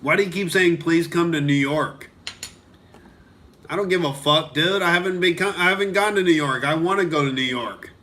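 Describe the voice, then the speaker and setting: A man's voice: a little high, fairly quick, hardly any pauses, sharp tone. A young male comedian from Oklahoma ranting on a live stream, heated and profane, reading out and answering viewer comments.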